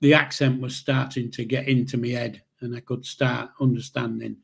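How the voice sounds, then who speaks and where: Gravelly grandad in his seventies. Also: medium pitch, flat delivery. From England. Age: 70s. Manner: rambling, halting, with chuckles. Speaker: channel host, grandfather. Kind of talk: casual spoken memoir storytelling.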